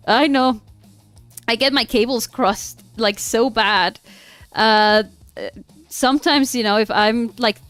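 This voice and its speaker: A young Mexican woman with a Mexican accent chats casually while drawing on a stream, bubbly and giggling often as she switches between English and Spanish. Her voice is fairly high, with no room sound.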